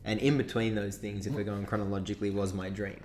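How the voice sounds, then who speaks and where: A young man with an Australian accent, animated and laughing as he tells a story in a casual podcast chat. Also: fairly low pitch, fast talker, crowd noise. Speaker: podcast co-host.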